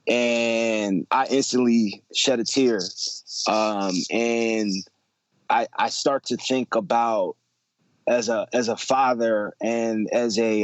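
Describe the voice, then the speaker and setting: A man in his thirties tells a family story in an easy, conversational voice. He stumbles and repeats words and drops slang as he goes. The voice is mid-pitched and sits in a dead-dry space. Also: no room sound, lo-fi sound. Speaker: father telling a personal story. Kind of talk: casual personal storytelling.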